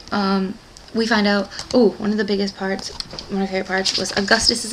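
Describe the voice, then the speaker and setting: A woman's voice: medium pitch, little pitch movement, fairly quick, noisy background. A young woman rambling through a casual book recap, chatty and gushing, full of "like" and "um.". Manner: gushing fan enthusiasm. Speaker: book club vlogger.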